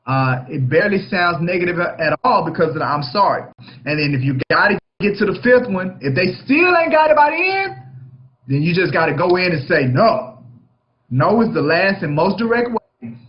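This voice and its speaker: A high-voiced man coaching a team on negotiation, emphatic and punchy. He keeps checking in with a quick "right?" after almost every point. The recording sounds a bit dull and lo-fi. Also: sing-song. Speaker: real estate broker hosting a coaching session. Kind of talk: coaching talk on a book chapter.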